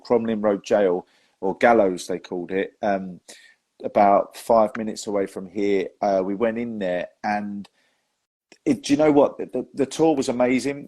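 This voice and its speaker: A man's voice: on the low side, darkish tone. A young man hosting a casual chat, telling stories with plenty of laughs and friendly "mate"s. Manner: chatty storyteller, laughs often, says "mate". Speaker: host and magician.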